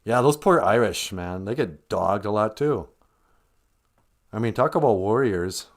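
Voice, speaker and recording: A man's voice: lowish voice, unhurried. A man hosting a casual livestream who rambles, chuckles and reads out viewer comments between tangents. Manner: rambling, chuckling, animated asides. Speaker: livestream host.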